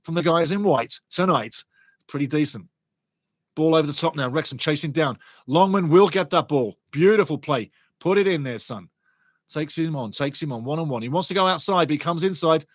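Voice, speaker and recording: A man giving lively, chatty live football watchalong commentary and greeting viewers in the chat. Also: fairly high pitch, moderate pace, dry recording, studio quality.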